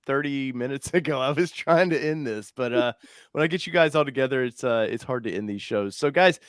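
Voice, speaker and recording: A man hosting a casual chat show, laid-back and quick to laugh. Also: medium pitch, clean tone, no echo, clean studio sound. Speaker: host.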